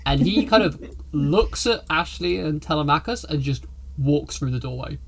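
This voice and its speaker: A man's voice: fairly high pitch, animated, moderate pace, creaky, fairly bright tone. A man narrating a tabletop game as game master, chatty with frequent restarts. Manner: chatty, many fillers and restarts.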